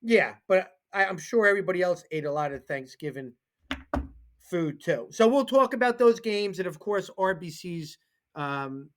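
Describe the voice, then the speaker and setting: A man co-hosting a casual sports talk show tells stories animatedly, acting out the people he quotes. He has a high voice and speaks at a moderate pace.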